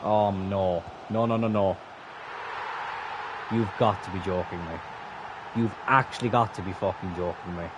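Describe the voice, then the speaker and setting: Swearing gamer commentating a match. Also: male voice, low voice, fairly even intonation, measured pace, pauses often, background noise. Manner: frustrated, swearing outbursts. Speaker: gaming streamer. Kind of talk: live gameplay commentary.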